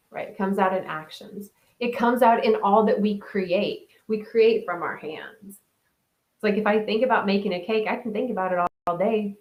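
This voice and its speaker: A woman hosting a mindfulness talk, chatting casually, thinking aloud and reading out viewer comments. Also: medium pitch. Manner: chatty, thinks aloud with many restarts and "right?". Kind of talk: casual live-stream chat. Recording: roomy echo.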